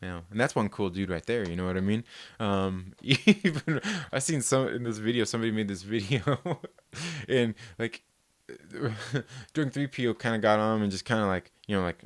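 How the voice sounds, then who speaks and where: A man's voice: on the low side, moderate pace, no room sound. A man, hosting a casual live stream, rambling and reading viewer comments with lots of laughs. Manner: rambling, laid-back, laughs often.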